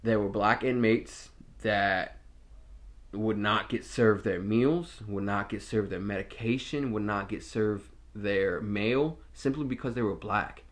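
Low-voiced man recounting his story candidly. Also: slow pace. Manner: candid, reflective, frequent restarts and "um". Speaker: former corrections officer. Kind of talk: personal storytelling monologue.

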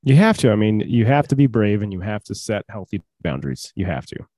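A young man with a lowish, mellow voice talks casually on a podcast, joking and rambling with plenty of "like"s. The sound is dry and close, with no room around it. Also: very animated, brisk, no room sound. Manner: chatty, jokey, rambling with many fillers. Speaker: podcast co-host. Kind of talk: casual chat.

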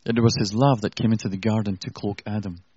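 A man's voice: lowish voice, steady tone, quick pace, warm tone, breathy edge, dry recording, dull audio. A man preaching an earnest, conversational sermon with self-deprecating asides.

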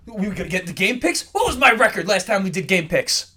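A man talks fast on a casual sports podcast, his voice a little higher than most men's. He teases his co-host and stumbles over repeated words as he rushes ahead. The talk stays loose and conversational. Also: big pitch swings, sharp tone, husky. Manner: quick, teasing, trips over his words.

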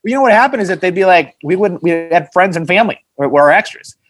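A man's voice: sits high, lively intonation, fast, no room sound. A man, a film producer, telling stories in a casual interview chat, often laughing and swearing. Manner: laughing, profane storyteller.

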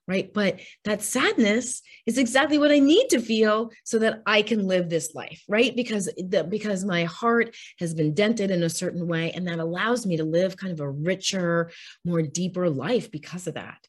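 A woman's voice: mid-range voice, normal speed. A woman interviewed as an author, speaking candidly and earnestly in a heartfelt, open conversational way. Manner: earnest, heartfelt, speaks openly about grief.

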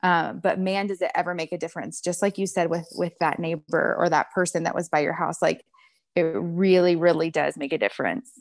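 A woman in her thirties speaks as a guest on a faith podcast. Her voice is fairly low and the sound is dry and close. She is affirming and sprinkles in "like" and "you know.". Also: steady tone, brisk, vocal fry, no room sound. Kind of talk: casual faith podcast chat.

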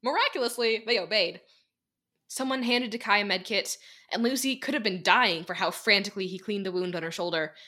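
Bright young woman reading a fan drama. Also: mid-range voice, fairly quick. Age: young adult. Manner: narrates and voices several characters, emotional. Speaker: narrator and voice actor.

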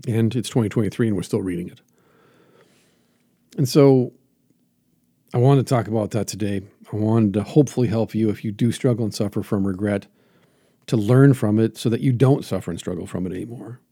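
A man's voice: fairly low pitch, brisk, long pauses, mellow, husky, no echo, studio quality. A man hosting a reflective motivational monologue as a jiu-jitsu teacher, earnest and emphatic with lots of repetition.

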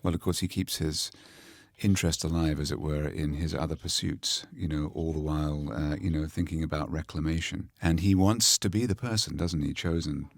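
Male film historian, interviewer; very low voice, measured and hesitant. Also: steady tone, dry recording. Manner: measured, hesitant, with many fillers. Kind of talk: commentary track questions.

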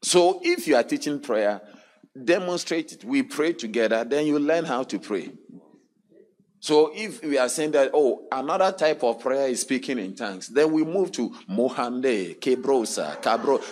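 A man's voice: medium pitch, expressive, normal speed, a little mellow. A man preaching a sermon at a church service, drawing responses from the congregation with frequent hallelujahs and questions. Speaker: pastor.

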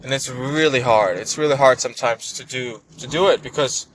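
A man's voice: medium pitch, normal speed, fairly bright tone, poor audio. Earnest rambling man, faint vehicle hum. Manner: earnest, rambling, many restarts and repeated words. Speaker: vlogger. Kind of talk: casual personal vlog monologue.

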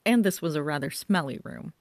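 A woman narrating a comic audiobook in a wry, even storytelling manner. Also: sits low, brisk, no room sound, clean studio sound.

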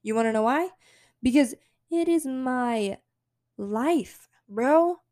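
A woman's voice: high-pitched, expressive, takes it slowly, darkish tone. A young woman talking casually and emphatically on her solo podcast, encouraging herself and her listeners. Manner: chatty, emphatic, self-encouraging. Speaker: podcast host.

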